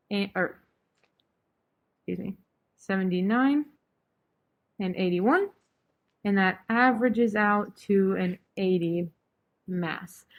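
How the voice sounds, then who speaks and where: Chatty young woman tutoring chemistry. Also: medium pitch. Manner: casual, chatty, joking sarcasm. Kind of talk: online review session.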